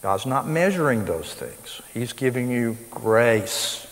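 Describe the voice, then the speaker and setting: A man's voice: medium pitch, lively intonation, takes it slowly. A man preaching a sermon to a live audience, emphatic, with his voice rising sharply on the points he stresses. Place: school hall with live audience. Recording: long reverb of a large hall.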